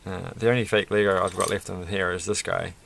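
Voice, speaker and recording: A man's voice: low voice, flat delivery, a little fast, vocal fry, noisy background. A man rambling through a toy build with self-mocking, off-the-cuff commentary, laughing at his own jokes. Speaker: toy reviewer building a set.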